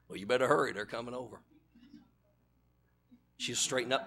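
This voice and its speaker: A middle-aged man preaching a sermon, animated and humorous, acting out characters as he tells the story. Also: mid-range voice, normal speed, long pauses.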